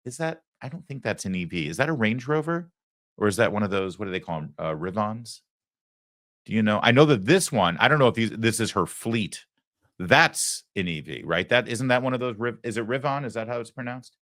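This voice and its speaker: A man's voice: lowish voice, lively intonation, fairly quick, fairly bright tone. A middle-aged man hosting a political commentary show, talking sarcastically with mocking asides. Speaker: host.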